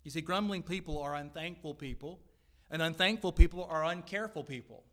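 Earnest preaching man, slightly high voice. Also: brisk, pushed and bright. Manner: earnest preaching with sudden rises in pitch and volume, dry asides. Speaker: pastor. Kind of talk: sermon. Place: church sanctuary.

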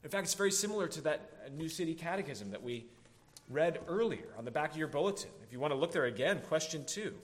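A man preaching an earnest sermon as a pastor, slowing down to stress key words. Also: on the high side, expressive. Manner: earnest preaching, slows down for emphasis.

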